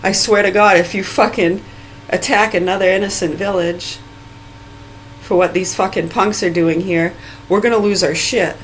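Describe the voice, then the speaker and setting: Brief: woman, forties, mid-pitched, heated profane vlog rant, rambling. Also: steady tone, normal speed, slight background noise, rough recording. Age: 40s. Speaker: vlogger.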